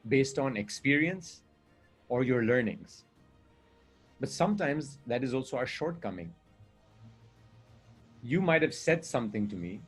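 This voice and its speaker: A man's voice: mid-range voice, breathy edge. A man speaking as a communication coach in a conversation, earnest and explaining with examples and rhetorical questions.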